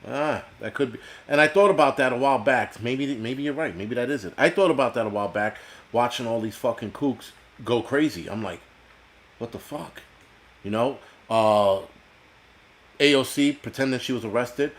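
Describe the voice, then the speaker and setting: Brief: blunt, cursing stream host, middle-pitched, rambling rant. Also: male voice, moderate pace, a bit bright. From United States. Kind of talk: ranting live-stream talk reading chat.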